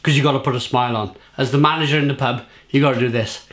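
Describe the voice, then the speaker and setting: A man's voice: mid-range voice, fairly even intonation, quick pace, a bit bright. A man with a British accent, a beer reviewer and pub manager, swearing and rambling through an angry rant to camera. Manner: sweary, rambling, repeats himself.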